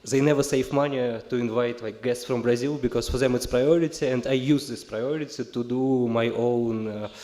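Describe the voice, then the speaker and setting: A man's voice: mid-range voice, fairly even intonation, moderate pace, few pauses, mellow. A man with a Russian accent speaks English as a guest on a festival panel, his speech full of "uh"s and restarts. His voice sits in a middle range and carries the echo of a large hall. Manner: hesitant, many fillers and self-corrections. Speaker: panel guest, film critic and curator. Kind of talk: halting panel talk in a second language. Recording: echoey hall sound.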